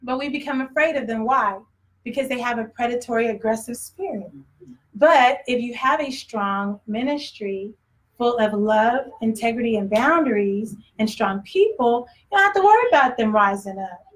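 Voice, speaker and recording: A woman's voice: on the high side, moderate pace, fairly bright tone, rough recording. A woman preaching a sermon in a conversational way, often acting out voices and laughing.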